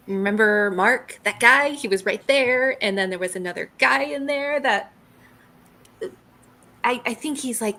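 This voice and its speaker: A woman playing in a tabletop game, speaking hesitantly with many fillers as she excitedly retells events. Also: on the high side, a little hiss or hum. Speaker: player. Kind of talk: casual role-play chat.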